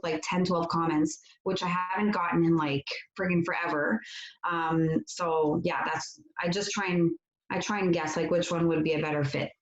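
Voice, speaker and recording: A French-speaking woman, a guest on a live-stream interview, who talks casually and upbeat with many fillers. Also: fairly low pitch. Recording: roomy, dull lo-fi audio.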